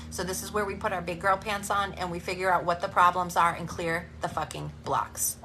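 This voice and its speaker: A woman business coach giving a live motivational talk and sales pitch, speaking directly with energetic tough-love encouragement. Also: fairly quick, hardly any pauses, music in the background.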